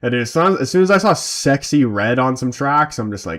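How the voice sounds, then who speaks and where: Male fan streamer, tired, casual chat plus play-by-play calls, slangy and relaxed. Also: mid-range voice, moderate pace. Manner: loose, chatty, slangy. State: tired from little sleep. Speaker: fan watch-along streamer.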